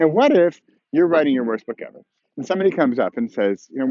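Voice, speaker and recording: A man's voice: fairly high pitch, lively intonation, fast talker, no room sound, highs cut off. A man giving a casual outdoor video lesson on writing, playfully acting out tones of voice and imagined conversations. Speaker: writing course teacher. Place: outdoors on a snowy slope with skiers passing.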